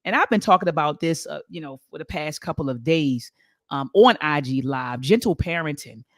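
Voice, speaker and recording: A man in his forties, a professor hosting a live-streamed talk show, speaks emphatically, repeats his points, and turns often to his guest. His fairly bright, expressive voice runs on the high side at a moderate pace, recorded in studio quality with no echo.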